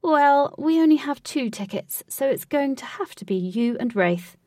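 A woman's voice: high-pitched, lively intonation, moderate pace, a little mellow, dry recording, studio quality, far from the mic, pitched above the performer's own voice. A woman voicing a commanding, scheming queen who speaks in a stately, formal way. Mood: insistent.

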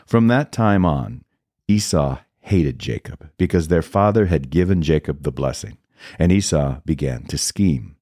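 A man hosting a podcast, reading scripture aloud at a steady, measured pace. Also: rumbling low, dry recording, clean studio sound.

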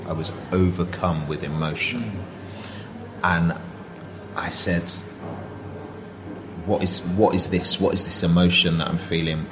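Brief: deep-voiced male actor guest, reflective and sincere. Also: noisy background. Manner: earnest, reflective, with many restarts and fillers. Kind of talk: casual interview storytelling.

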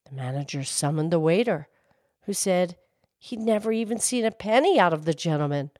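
A woman reading folk tales aloud in an expressive, measured storytelling manner. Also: fairly low pitch, no room sound, studio quality.

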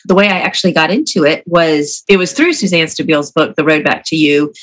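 A woman's voice: low-pitched, a bit bright, a little hiss or hum, poor audio. A woman guest on a podcast, talking casually with eager enthusiasm about her work as a teacher and coach. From Atlanta, Georgia, USA. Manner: eager and enthusiastic, quick laughs. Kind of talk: casual interview talk.

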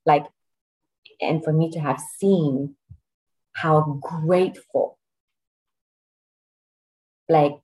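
A woman's voice: low-pitched, fairly even intonation, extremely slow, pauses often, warm tone, rough recording. A middle-aged woman, a podcast guest, telling a personal story earnestly and getting choked up, with laughs between phrases.

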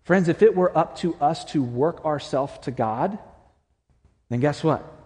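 A man's voice: on the high side, animated, unhurried. Earnest man preaching in a hall. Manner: earnest, swings from loud to hushed. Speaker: pastor. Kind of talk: sermon. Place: church sanctuary. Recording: long reverb of a church hall.

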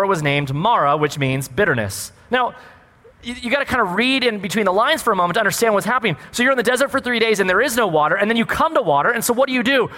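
Lively high-voiced male preacher, echoing hall. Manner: animated, conversational preaching with rhetorical questions. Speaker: pastor. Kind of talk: sermon.

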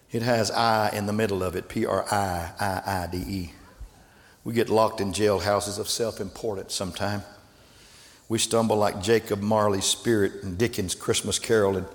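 A man preaching a sermon as pastor, moving between quiet storytelling and shouted calls to the congregation. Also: lowish voice. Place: large church hall. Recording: echoey church hall with congregation.

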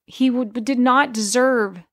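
A woman's voice: fairly high pitch, slow pace, a bit bright, dry recording, clean studio sound. A woman in her forties giving an earnest, conversational faith testimony, full of fillers and restarts. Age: 40s.

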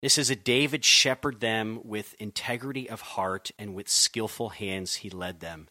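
A man from Connecticut, working as a youth pastor, speaks in a lowish, bright voice on a dry, close recording. He tells his story earnestly and in a conversational way, often restarting his sentences. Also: normal speed, no room sound. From Connecticut, USA. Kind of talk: conversational podcast interview.

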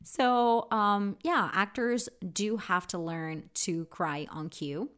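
A woman giving a casual English vocabulary lesson, chatty and candid, often pausing with "um". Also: mid-range voice, fairly even intonation, fairly bright tone, clean tone. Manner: chatty, candid, with frequent ums. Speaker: English teacher.

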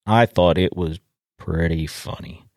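A man's voice: sits low, measured pace, darkish tone, dry recording, clean studio sound. A middle-aged man hosting a farm podcast, telling a story in a folksy, plainspoken way with frequent restarts. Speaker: podcast host. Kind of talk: casual storytelling monologue. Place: home in a rural community.

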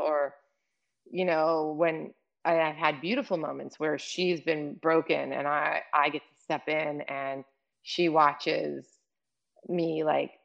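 Low, gravelly-voiced woman sharing personal stories. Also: lo-fi sound. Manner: emotional, rambling, frequent fillers. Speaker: guest. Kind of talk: candid personal conversation.

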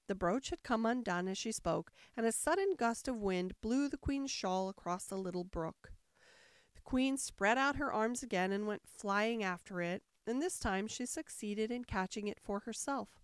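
A woman narrating a storybook aloud in an expressive way, switching into voices for the characters. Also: medium pitch, normal speed, clean tone, dry recording, clean studio sound. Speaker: audiobook narrator. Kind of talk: storybook reading.

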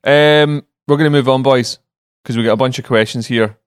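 A man hosting a casual podcast chat, steering the talk in a relaxed, chatty way. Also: mid-range voice, normal speed, smooth, no room sound, studio quality. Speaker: podcast host.

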